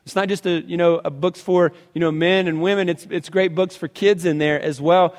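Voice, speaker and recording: Earnest man preaching, slightly high voice. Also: steady tone, normal speed, big-room sound. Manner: earnest storytelling, acts out quoted voices. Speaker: pastor. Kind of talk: sermon to a men's gathering.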